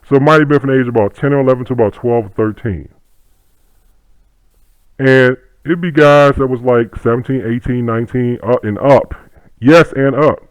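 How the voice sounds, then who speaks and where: A man's voice: medium pitch, normal speed, no room sound, rough recording. A middle-aged man, a martial arts instructor, talking in a profane, rambling casual monologue.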